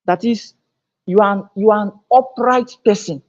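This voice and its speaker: A woman giving a motivational talk at a business seminar, her pitch sitting mid-range. She pushes her key points with a climbing, louder voice and often restarts and repeats phrases. The recording is dull and lo-fi. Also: measured pace. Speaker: seminar speaker. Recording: dull lo-fi sound.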